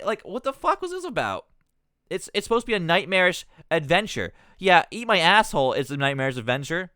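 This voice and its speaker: A man's voice: high-pitched, sing-song, a little fast, pushed and bright, clear, resonant tone, dry recording, clean studio sound. Profane, exasperated male streamer. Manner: rambling, self-interrupting. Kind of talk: live-stream commentary.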